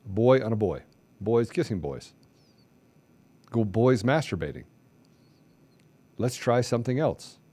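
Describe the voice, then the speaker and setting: A man's voice: mid-range voice, very animated, measured pace, long pauses, husky. A middle-aged man hosting a podcast, delivering a preachy, impassioned monologue full of repeated rhetorical questions. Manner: preachy, repetitive rhetorical questions, rising to near shouting. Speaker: podcast host.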